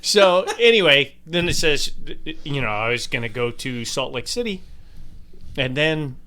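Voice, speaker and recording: A man's voice: mid-range voice, expressive, unhurried, sharp tone. An older man co-hosting a casual podcast, telling stories with jokes and laughter. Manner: joking storyteller, laughs often. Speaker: podcast co-host. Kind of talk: casual chat.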